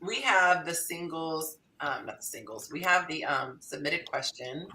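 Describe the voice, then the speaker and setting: A woman's voice: low-pitched, expressive, a little slow, pushed and bright, a little hiss or hum, low-quality recording. A woman hosting a live panel chat, bubbly and laughing at herself as she reads out questions. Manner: bubbly, laughing, self-deprecating. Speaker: host.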